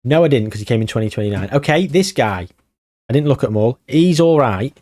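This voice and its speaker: Exasperated man, mellow voice. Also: medium pitch, expressive, fairly quick, no room sound. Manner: exasperated, grumbling, sarcastic asides. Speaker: gaming YouTuber. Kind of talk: casual game commentary.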